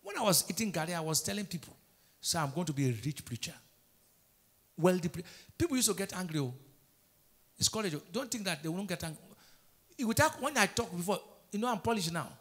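A man's voice: high voice, animated, fast talker, fairly bright tone. A middle-aged Nigerian man preaching a sermon as pastor, emphatic, with call-and-response questions to the congregation.

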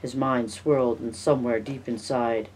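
An audiobook narrator reading a horror novel in a measured way, dropping softer for tense passages. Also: mid-range voice, fairly even intonation, husky. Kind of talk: scripted narration.

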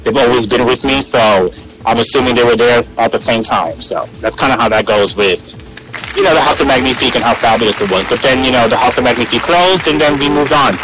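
A man guest telling animated stories in a casual interview, acting out what people said. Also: mid-range voice, fast talker, background noise. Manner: animated, acts out quoted voices, frequent restarts. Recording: radio interview with loud music and crowd behind.

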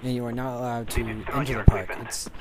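A man telling a story in a casual, excited, rambling way over gameplay, restarting his sentences often. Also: mid-range voice, fast talker, loud music behind the voice. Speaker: gaming channel commentator.

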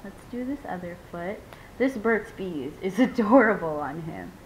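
A woman's voice: expressive, a little slow. A young woman in casual unboxing chat who gushes, squeals and laughs often as she talks to her viewers. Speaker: vlogger unboxing a reborn doll. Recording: dull lo-fi home video with faint rumble.

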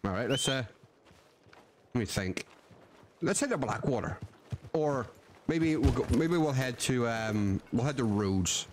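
A man's voice: mid-range voice, lively intonation, measured pace, long pauses, background noise. Drawling man roleplaying a cowboy. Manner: drawling folksy cowboy talk, swearing, laughing at himself. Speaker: roleplay streamer. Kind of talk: in-character roleplay with out-of-character asides.

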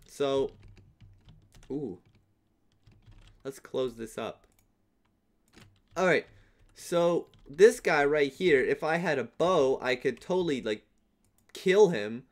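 A chatty young man talks through a video game round by round, rambling along in a slightly high voice. Now and then he bursts into playful yelling. Keyboard typing clicks under his voice at a desk mic. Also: expressive, takes it slowly, pauses often. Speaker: gaming YouTuber. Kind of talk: casual gameplay commentary.

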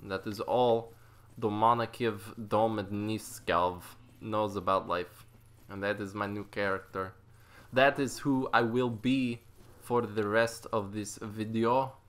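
A man's voice: fairly low pitch, steady tone, a bit bright. A man putting on a gloomy old Russian man. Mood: gloomy, boastful. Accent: put-on Russian. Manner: slow, heavy, broken grammar. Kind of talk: comic impression in game commentary.

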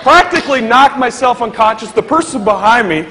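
High-voiced male speaker in echoey hall. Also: brisk. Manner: animated, acts out the people in his story. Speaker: motivational speaker. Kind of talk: comic storytelling to a live audience. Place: large hall with a live audience. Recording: echoey hall with crowd laughter and noise.

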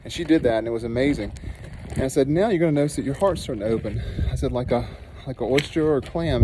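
The setting is a dry canyon with a noisy background, where a man who nurses and teaches meditation tells a personal story. His medium-pitched voice is earnest and animated, then turns soft and slow for a guided meditation.

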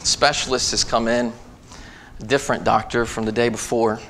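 A man's voice: medium pitch, little pitch movement, normal speed, a bit bright. A male preacher delivers a sermon in a church with a mid-range voice. He moves from a conversational family story into reading scripture, lifting his voice for emphasis. A faint noise sits under the recording.

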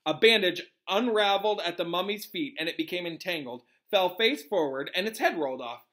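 A male teacher reading a novel aloud to his students in an animated way, pausing to correct himself and explain. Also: high voice.

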